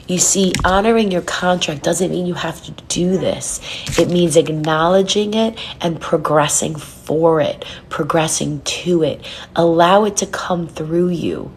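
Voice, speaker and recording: A woman speaking earnestly and from the heart to her online followers during a live reading, sometimes slowing into soft, hushed phrases. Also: fairly low pitch, a little hiss or hum. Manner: earnest and heartfelt, speaks softly and slowly at times. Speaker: spiritual reader and numerologist. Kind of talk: live-stream talk to followers.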